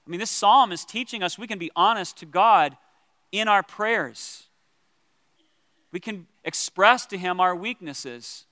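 A man teaching as a pastor about prayer, earnest and gentle, with pauses and restarts. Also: high-pitched, no room sound, long reverb tail.

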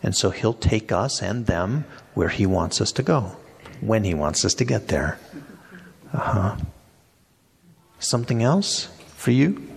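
A man's voice: lowish voice, sing-song, measured pace, gravelly, long pauses, breathy edge. A man, a pastor leading an interactive Bible study, who asks the group questions and repeats their answers back to them. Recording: long reverb in a hall.

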